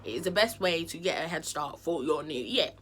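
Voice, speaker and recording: A woman vlogging at home in a loose, candid chat. She talks frankly and expressively, in a fairly low voice, with faint noise behind her. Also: animated, fairly quick, a bit bright. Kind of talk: candid casual chat to camera.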